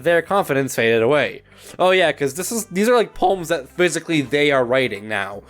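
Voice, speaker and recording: Animated young man reading a game aloud. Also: on the high side. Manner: stumbles over words, laughs at his own misreads, swears casually. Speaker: gaming YouTuber. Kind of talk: reading a visual novel aloud with commentary.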